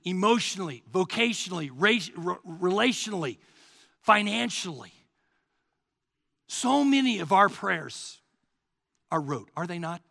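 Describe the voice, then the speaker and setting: A man in his sixties preaching a sermon as pastor, swinging from hushed murmurs to shouts. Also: high-pitched, creaky. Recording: long hall reverb.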